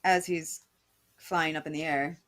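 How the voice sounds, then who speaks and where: A woman's voice: low voice, a little slow. A woman co-hosting a podcast, playfully retelling a comic plot in casual chat. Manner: lively, laughing, playful retelling. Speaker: podcast co-host.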